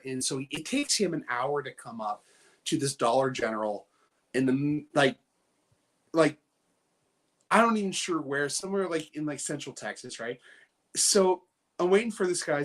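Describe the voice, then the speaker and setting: Guy telling a long story, lots of ums and laughs, voice a bit on the high side. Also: fairly bright tone. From Canada, British Columbia. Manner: rambling storyteller with frequent fillers and laughter. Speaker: guest. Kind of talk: casual anecdote telling.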